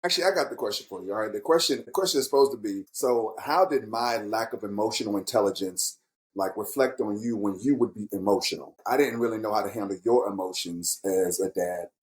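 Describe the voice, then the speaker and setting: A middle-aged father who hosts a podcast has a casual, heartfelt chat with his grown kids, speaking candidly and reflectively and growing animated when quoting himself. His voice is fairly low and fairly quick, and the audio quality is poor.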